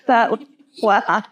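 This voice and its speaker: A woman hosting a casual interview show, reacting with frequent "wow"s and relating the guest's points to her own daily life. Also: fairly high pitch. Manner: reacts with frequent exclamations of "wow" and quick laughs. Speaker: interview host.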